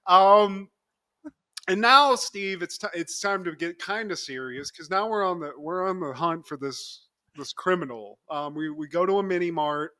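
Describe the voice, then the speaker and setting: A young podcast co-host with a high, bright voice cheerfully recaps a TV episode for his partner in casual chat. He tells it with lots of animation, laughing often and dropping into quick character impressions as he acts out the quotes.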